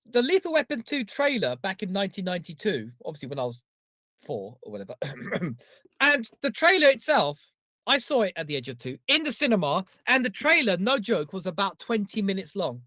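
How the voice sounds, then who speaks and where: A man's voice: high voice, a little fast, dry recording, studio quality. A man co-hosting a comedy podcast in casual chat, rambling through jokey stories. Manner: animated, rambling, jokey storytelling. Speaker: podcast co-host.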